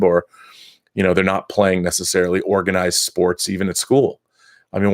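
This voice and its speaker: A man's voice: on the low side, no echo, studio quality. A middle-aged man hosting a casual live-stream chat, ranting with strong opinions and frequent restarts. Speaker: host.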